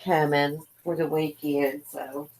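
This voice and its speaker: A woman's voice: low voice, flat delivery, slow pace, a little mellow. A woman hosting a casual live stream, chatting folksily with her guest and viewers. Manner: chatty, folksy, addresses chat viewers by name.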